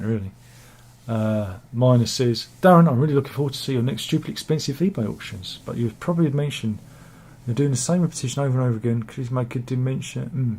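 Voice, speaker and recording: In a cold room at home, a British man reads out viewer comments during a rambling, joking chat full of self-mockery. His mid-range voice is husky with a darkish tone.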